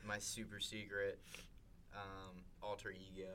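A man's voice: deep voice, completely flat delivery, a little slow, heavy background noise. A man hosting a casual comedy podcast, rambling through his thoughts with lots of "like" and frequent laughter. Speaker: podcast host. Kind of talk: casual chat.

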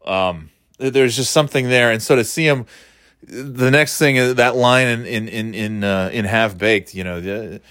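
A man, talking in a rambling, profane, animated way, dropping into quick impressions. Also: mid-range voice, clean tone, no room sound, studio quality. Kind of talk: casual comedic monologue.

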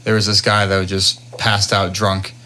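A young man co-hosting a podcast, telling work stories in casual chat, profane and animated, acting out the people in them. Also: low voice, normal speed. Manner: profane, animated retelling with quoted voices. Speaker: podcast co-host.

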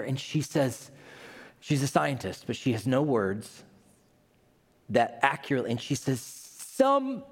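Male pastor, animated storytelling sermon, mid pitch, long hall reverb. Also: gravelly. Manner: animated storytelling, playful asides.

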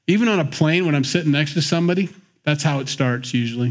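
A man's voice: a little high, quick pace. A man teaching the Bible in a conversational, joking way, acting out the scenes as he goes. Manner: animated, joking storyteller who acts out the scenes.

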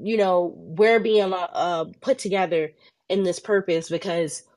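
Animated woman telling a faith story. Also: unhurried. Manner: animated storytelling with high playful quoted voices. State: tired and under the weather. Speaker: podcast co-host. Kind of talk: casual faith podcast chat.

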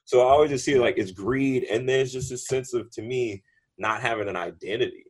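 A man's voice: medium pitch, fairly quick, slightly rough. A man hosting a podcast, talking in a casual, emphatic way full of slang and swearing. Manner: animated, emphatic, profane slang. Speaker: podcast host. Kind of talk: casual conversation.

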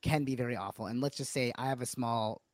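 A man's voice: medium pitch, no room sound. A man in his forties from New Hampshire, a guest comedian telling stories in a casual podcast chat, laughing often and restarting his sentences. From New Hampshire, USA. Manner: chatty storyteller with quick restarts and frequent laughs.

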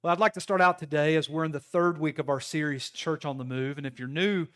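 A man, a pastor preaching a sermon in a conversational, storytelling way with sudden loud bursts. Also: a little high, fairly even intonation, fast talker, soft background music.

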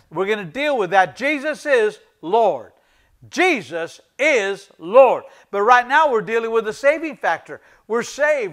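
High-voiced man preaching with emphatic repetition. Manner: emphatic, repeats key phrases for emphasis; addresses the congregation as ladies and gentlemen. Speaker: pastor. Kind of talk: sermon.

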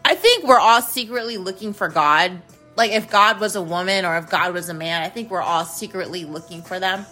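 A woman's voice: fairly low pitch, fairly quick, sharp tone, soft background music. A woman hosting her own show, ranting casually in a blunt, profane, rambling way. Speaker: host. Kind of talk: casual rant to camera.

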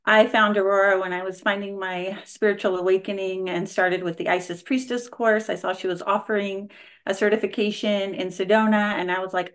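A woman in her forties from California speaks on a video call in a warm, effusive way. She sounds grateful and talks with plenty of fillers. Her voice is middling in pitch. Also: steady tone, fairly quick. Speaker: registered nurse and spiritual practitioner, roundtable guest. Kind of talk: casual chat on a video call.

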